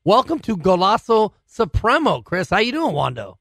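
A man from the Bay Area hosts a casual soccer show with a slightly high-pitched voice. He runs through fixtures in a steady, wry presenter tone. The recording is dry and close. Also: normal speed, no room sound. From Bay Area, California. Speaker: soccer podcast host. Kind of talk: casual sports talk, previewing fixtures.

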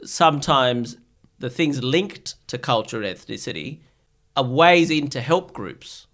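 A man's voice: medium pitch, animated, measured pace, a bit bright. A middle-aged man from Bangladesh, a guest in a casual chat, talking in thoughtful, reasoned points. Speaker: guest psychiatrist.

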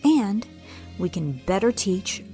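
A woman's voice: slow pace, faint music behind. A woman teaching parents about scripture. She retells a story and acts out the voices of the people in it. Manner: acts out the students and professor with lively shifts of pitch.

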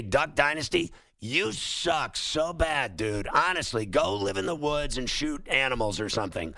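Gravelly ranting sports radio man. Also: mid-range voice, pushed and bright, no echo. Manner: ranting, sarcastic, emphatic. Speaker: sports talk show host.

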